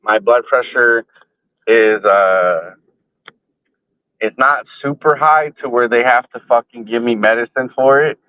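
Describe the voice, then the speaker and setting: A man's voice: mid-range voice, measured pace. A man talking bluntly and with heavy profanity in a casual vlog, recorded inside a car on a phone. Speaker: vlogger. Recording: tinny phone-like, dry sound.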